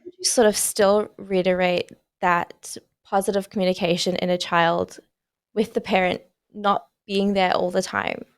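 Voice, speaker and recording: Woman in her 20s, podcast host, tentative hedging questioner, mid pitch, dry sound. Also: level tone, unhurried, clean tone, no room sound. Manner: tentative questions with many qualifiers.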